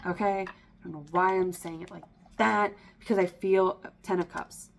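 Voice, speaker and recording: A woman's voice: on the low side, fairly even intonation, moderate pace, gravelly. A woman giving a casual spoken tarot reading, rambling with frequent ums and likes and breaking off to restart her thoughts. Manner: self-interrupting, slips and restarts. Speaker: tarot reader.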